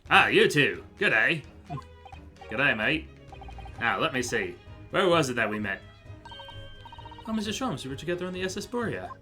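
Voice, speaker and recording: A man voicing a pompous, absent-minded gentleman detective in a put-on Australian accent, theatrical and grand. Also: mid-range voice, big pitch swings, moderate pace, long pauses, faint music behind. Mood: jovial. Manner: theatrical, grandiose reading of game lines.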